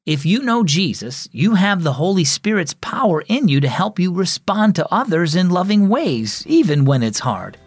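A man's voice: sits high, normal speed, few pauses, slightly rough, no room sound, clean studio sound. Upbeat man narrating a kids' story. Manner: upbeat, expressive, speaking to kids. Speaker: host and narrator. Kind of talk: children's devotional storytelling.

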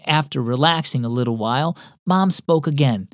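A man's voice: medium pitch, unhurried, hardly any pauses, a bit bright, dry recording. A man hosting a children's devotional program, narrating a story in a friendly, encouraging way into a close studio mic. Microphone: studio mic, dry close sound.

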